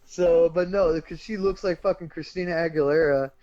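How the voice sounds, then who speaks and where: A high-voiced man tells a movie plot to his podcast co-host in a loose, profane, animated way, laughing as he goes. His voice is fairly high for a man. The sound is dry and dull, like a lo-fi mic with no room in it. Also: normal speed, no echo. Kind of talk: casual chat.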